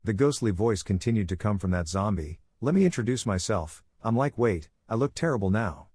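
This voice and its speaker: A man narrating a comic story recap in a steady, scripted reading, speaking the dialogue and the action in the same even way. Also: on the low side, fairly quick, slightly rough.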